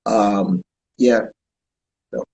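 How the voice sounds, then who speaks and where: A man's voice: fairly low pitch, steady tone, creaky, darkish tone, low-quality recording. A man, a comedian and podcast co-host chatting casually in an interview, often stumbling and repeating words. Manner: halting, repeats words, plugs his show.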